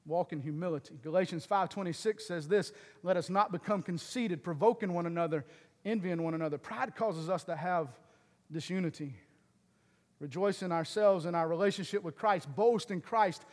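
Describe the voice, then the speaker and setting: High-voiced preacher man in a reverberant hall. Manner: swings from loud, emphatic preaching to low, earnest asides. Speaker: pastor. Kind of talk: sermon.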